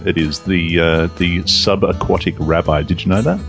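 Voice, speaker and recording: A man's voice: low-pitched, moderate pace, soft background music. A man hosting a casual podcast chat over a video call, telling rambling jokes. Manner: jokey, rambling, lively delivery. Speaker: podcast host.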